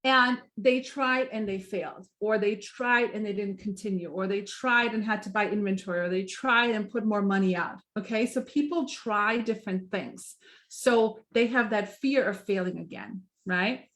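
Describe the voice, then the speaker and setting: A woman's voice: medium pitch, moderate pace, a bit bright. A middle-aged woman leading a live sales training chat, upbeat and chatty, who keeps asking "right?" and acts out little examples. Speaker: direct sales team leader.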